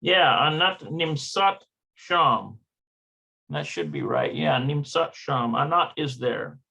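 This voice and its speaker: Guy slowly sounding out words from a textbook, keeps correcting himself, kinda bright sharp tone. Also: mid-range voice, very animated, gravelly, slightly rough. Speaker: language learner teaching from a textbook. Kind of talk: thinking-aloud study session.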